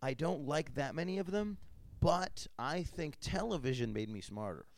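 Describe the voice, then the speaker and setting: A man's voice: fairly high pitch, lively intonation, moderate pace, no room sound. A man hosting a casual chat, a crude, joking storyteller who restarts his sentences a lot. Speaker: podcast host.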